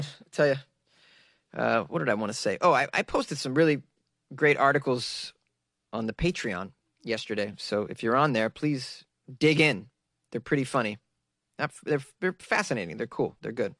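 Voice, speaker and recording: A man's voice: medium pitch, animated, moderate pace, fairly bright tone, dry recording, studio quality. Jokey self-mocking podcast host, man. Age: adult, working full-time. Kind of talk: casual comedic podcast chat.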